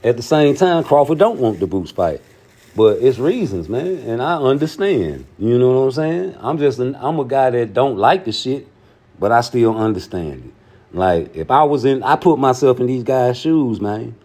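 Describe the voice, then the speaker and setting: A man hosting a casual commentary show, talking in a profane, emphatic way that jumps high when he gets heated. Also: sing-song, moderate pace, darkish tone. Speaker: show host.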